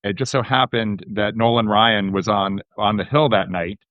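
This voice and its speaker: A man's voice: lowish voice, fairly even intonation, normal speed, no echo. A man hosting a podcast, telling a rambling story before asking his interview question. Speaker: podcast host. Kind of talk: casual interview chat. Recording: slightly muffled, dry.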